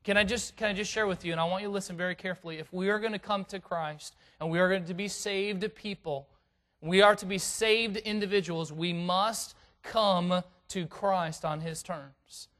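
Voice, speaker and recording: Bright-voiced high male preacher. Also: steady tone, normal speed. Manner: dramatic swings from hushed to loud; reads scripture in King James wording. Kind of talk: sermon with scripture reading.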